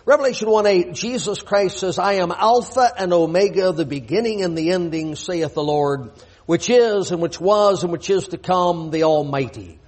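Husky high-voiced preacher man. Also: moderate pace, darkish tone. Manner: emphatic, rhetorical questions, reads scripture aloud. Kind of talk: sermon. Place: church.

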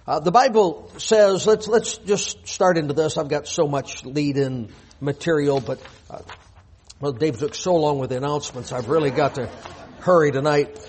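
A man delivering a church sermon in a fairly high voice with a husky, breathy edge. He presses his points with pointed rhetorical questions. He reads scripture aloud in a forceful preaching cadence. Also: moderate pace.

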